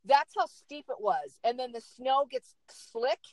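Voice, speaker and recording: A woman's voice: sits high, animated, unhurried, no room sound, poor audio. A middle-aged woman telling a dramatic story in casual chat, repeating words for emphasis.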